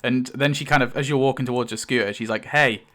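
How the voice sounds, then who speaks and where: A man's voice: mid-range voice, fairly even intonation, fast. A man running a tabletop game as game master, rambling with many fillers and laughs.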